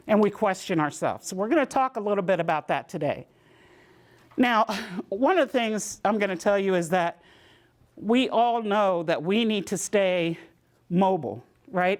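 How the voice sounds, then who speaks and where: A woman gives a community health talk. She tells her own stories in a lively way and acts out the voices of the people in them. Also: medium pitch. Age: 60s. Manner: lively storytelling, acting out voices in quotes. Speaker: presenter.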